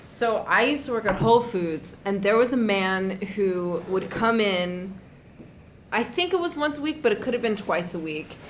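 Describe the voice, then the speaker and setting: A woman's voice: mid-range voice, expressive, normal speed. A woman telling chatty anecdotes full of "like" in casual chat as co-host. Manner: chatty, lots of fillers like "like". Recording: echoey room with faint noise.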